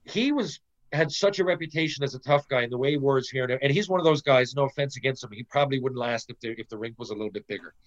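In dull audio, a former professional hockey player from Canada, middle-aged, speaks quickly with a mid-range voice. His offhand story is laced with profanity and lively impressions of what people said.

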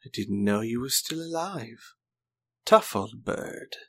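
A man's voice: medium pitch, sing-song, slow, fairly bright tone, heavily acted. A man doing a smug, mocking older swordsman villain. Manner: mocking, falsely polite.

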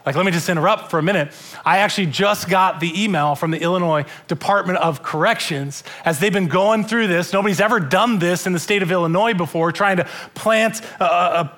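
A man's voice: sits high, fairly quick, fairly bright tone. A male pastor delivering a church sermon in an earnest way, often repeating and restarting words.

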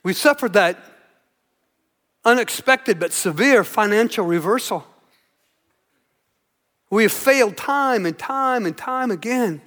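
High, bright-voiced preacher in an echoey hall. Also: male voice, lively intonation, slow, pauses often. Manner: emphatic, repetitive, earnest. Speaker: pastor. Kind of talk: sermon with storytelling.

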